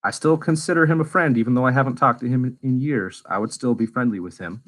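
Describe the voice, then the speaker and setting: A man at a middle pitch talks loosely to his livestream viewers. He is blunt and swears freely, and every so often he works himself up into a heated rant. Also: quick pace, rough recording. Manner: candid and profane, swings into animated rants. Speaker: space YouTuber and livestream host. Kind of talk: casual livestream chat.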